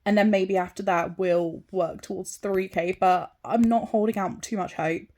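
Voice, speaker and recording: A chatty British woman speaks casually to the camera, rambling a little and filling gaps with ums and likes. She talks in an everyday vlog voice at a middle pitch, recorded at home. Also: fairly even intonation, moderate pace, darkish tone. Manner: chatty, rambling, with many fillers. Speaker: vlogger. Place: home being decorated.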